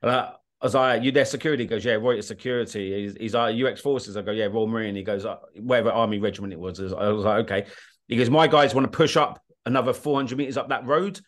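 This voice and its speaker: A man's voice: mid-range voice, fast talker. Blunt British man telling war stories. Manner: animated, blunt, swears, often asks "do you know what I mean". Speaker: guest, war documentary filmmaker. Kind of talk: casual interview storytelling.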